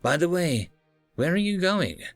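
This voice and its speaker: A man's voice: a little high, big pitch swings, measured pace, no room sound, faint music behind, voice pushed up. A man voicing a blunt, commanding starship captain who gives firm, clipped orders in a raised voice.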